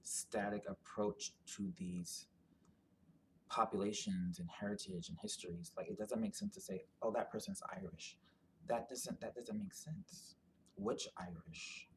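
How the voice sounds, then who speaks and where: A man's voice: lowish voice, slight background noise. A man giving a casual explanatory monologue, rambling and thinking aloud with many fillers and restarts. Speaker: commentator on genetic ancestry.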